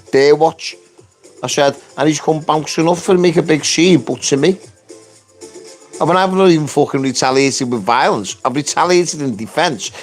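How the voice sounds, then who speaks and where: A man recounting a dispute at work in a blunt, sweary, loud way, jumping up in pitch to act out what others said. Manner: animated, jumps pitch to act out quotes. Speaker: construction worker telling his story. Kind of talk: casual storytelling.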